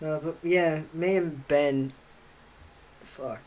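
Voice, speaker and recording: A man's voice: on the high side, steady tone, slow pace, a little mellow. A young man with an Australian accent casually telling rambling stories on a livestream, swearing freely and laughing at himself.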